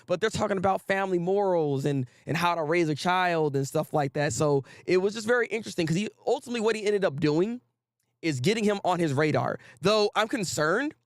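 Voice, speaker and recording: A man hosting a casual anime talk stream, reading out viewer names and repeating himself with animated, slangy energy. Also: on the high side, no room sound, clean studio sound. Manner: animated, repetitive, slangy, greets chat viewers. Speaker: host.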